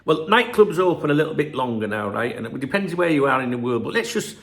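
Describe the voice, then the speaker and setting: A man's voice: medium pitch, sing-song, fast talker, a bit bright. A middle-aged man, rambling through a profane, casual vlog monologue and telling stories with asides. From England, Scarborough. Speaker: football channel host.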